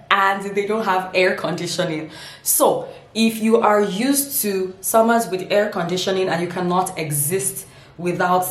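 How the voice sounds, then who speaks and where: A woman's voice: mid-range voice, echoey room. A woman vlogging in a humorous, casual way, laughing often and giving her points dramatic emphasis.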